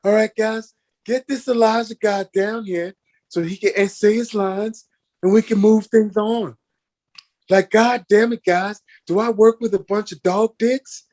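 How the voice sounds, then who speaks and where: A man acting out a hot-tempered male TV actor who shouts impatiently at the crew on set. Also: sits high, fairly even intonation, a little slow, pitched above the performer's own voice. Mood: angry.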